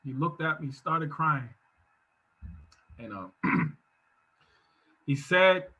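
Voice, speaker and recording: A man giving a motivational talk over a video call from his home office, speaking in an emphatic, preacherly style that swells into shouts. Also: fairly high pitch, slow, pauses often, breathy edge, low-quality recording. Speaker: guest speaker.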